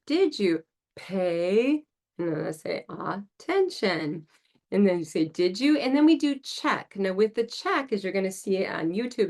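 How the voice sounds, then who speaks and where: A woman speech-language pathologist hosting an instructional podcast, explaining techniques in an upbeat way and speaking directly to listeners. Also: medium pitch.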